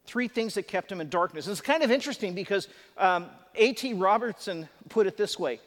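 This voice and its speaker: A man's voice: high-pitched, expressive, a little fast, hardly any pauses, fairly bright tone. A man preaching a sermon to a live congregation, conversational and emphatic, with chatty asides. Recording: long hall reverb.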